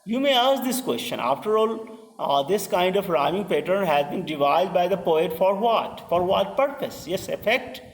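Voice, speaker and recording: A man giving a slow, deliberate poetry lecture, asking rhetorical questions and pausing with fillers. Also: sits high, expressive. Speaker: literature lecturer. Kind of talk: classroom-style poetry lecture. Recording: distant mic in a reverberant room.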